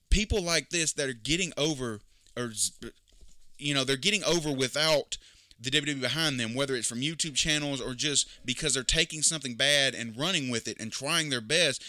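A man's voice: mid-range voice, sharp tone, no echo, studio quality. A man giving opinionated, emphatic casual commentary, critical and repeating his points. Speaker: wrestling commentator.

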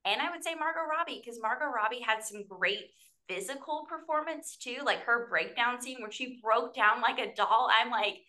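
A woman talking casually on a film panel, rambling and animated with lots of "like". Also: fairly high pitch, normal speed.

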